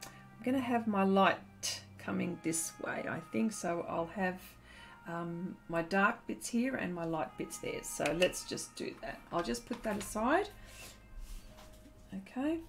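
Slow-talking giggly woman streaming art. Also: medium pitch, animated, creaky, faint music behind. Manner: chatty, giggly, reads chat aloud. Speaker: artist hosting a live painting stream. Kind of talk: casual live-stream chat while painting.

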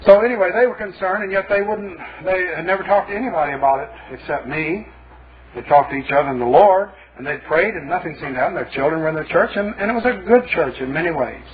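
A man's voice: sits high, lively intonation, fast. A man preaching a sermon, telling stories in a folksy, emphatic, wry way. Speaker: pastor. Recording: tinny phone-like old tape.

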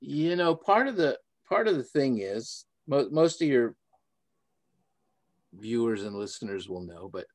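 A man's voice: mid-range voice, big pitch swings, a little slow. An older man from Mexico, a guest author in a casual interview, telling stories jovially and laughing easily.

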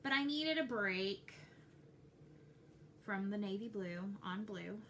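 A young Texan woman talks to her camera in a loose, rambling way, skipping from one thought to the next. Her pitch sits right in the middle of the usual range, and a faint hum of room ambience stays underneath her voice. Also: slow pace. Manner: chatty, rambling, excitable. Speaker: cross-stitch vlogger. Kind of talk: casual chat to camera.

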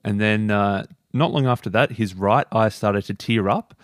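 A man's voice: lowish voice, normal speed, dry recording, studio quality. A man co-hosting a podcast, retelling anecdotes in an easygoing, casual way. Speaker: podcast co-host. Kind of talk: casual book discussion.

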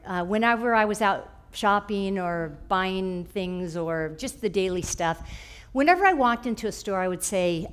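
A woman telling a personal story in a conversational way at church, quoting voices as she goes. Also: mid-range voice. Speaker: church speaker.

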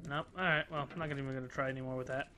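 A man giving excitable, jokey let's play commentary, swearing a lot as he plays. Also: medium pitch, racing, slight background noise. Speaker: gameplay commentator.

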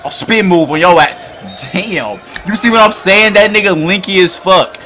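Hyped, loud man reacting to basketball. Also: high-pitched, expressive, moderate pace, a little hiss or hum. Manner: loud, profane, hyped, often shouting at the screen. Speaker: reaction video host. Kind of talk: excited basketball reaction commentary.

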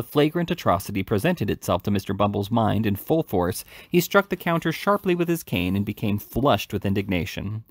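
A man reading a classic novel aloud in an unhurried, lively way, with small slips and restarts. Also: lowish voice, no room sound, studio quality. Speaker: reader.

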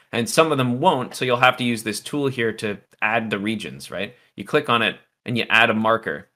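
Hosting a laid-back music production livestream, a man teaches in a chatty, loose way and keeps talking to the chat on the side. His voice is fairly low, bright, and forceful, with a little hoarseness because it is giving out.

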